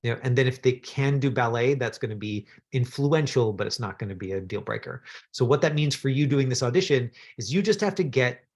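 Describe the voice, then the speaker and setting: A man from Canada coaches an actor through a scene. He talks in a loose, chatty way, full of fillers and encouragement, at a middling pitch. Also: animated, brisk, a little mellow. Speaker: acting coach. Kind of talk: acting workshop instruction.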